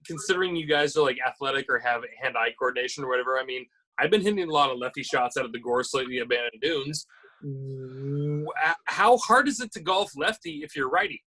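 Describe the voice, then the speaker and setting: A man's voice: fairly high pitch, lively intonation, a little fast, sharp tone. A man hosting a casual podcast, joking around and asking his guests questions. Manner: jokey, asks questions. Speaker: podcast host.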